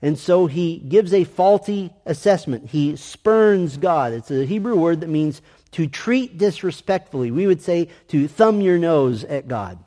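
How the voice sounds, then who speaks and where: A man teaching an adult Sunday school lesson, asking earnest, emphatic questions and reading scripture aloud slowly. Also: on the high side, expressive, warm tone, long reverb tail. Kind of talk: Bible lesson.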